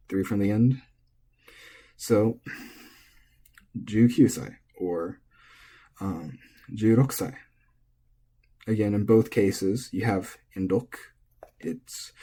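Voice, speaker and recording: A man giving a relaxed, casual language lesson, thinking aloud and correcting himself as he goes. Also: lowish voice, breathy edge. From United States. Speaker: language teacher.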